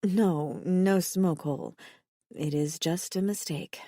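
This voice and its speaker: A woman voicing a gentle, sorrowful young alien woman who speaks softly and formally, without contractions. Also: fairly low pitch, slow, dry recording, studio quality. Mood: mild. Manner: soft and mild.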